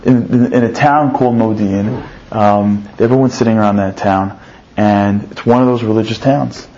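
A man teaching through a story in an animated way, his voice climbing high on emphatic points and repeating words as he builds the tale. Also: normal speed, a little hiss or hum. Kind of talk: storytelling lesson. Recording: dull lo-fi recording.

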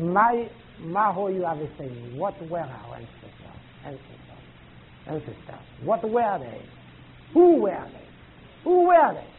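A man teaching a class, halting and searching for words, with emphatic rising questions to students. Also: sits high. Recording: tinny lo-fi old tape recording with faint hiss.

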